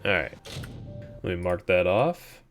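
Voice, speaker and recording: A man's voice: low voice, expressive, unhurried, a bit bright, soft background music. A man streaming a video game, talking through it in a casual, wry, sarcastic way. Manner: wry, sarcastic, laid-back. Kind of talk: casual gameplay commentary.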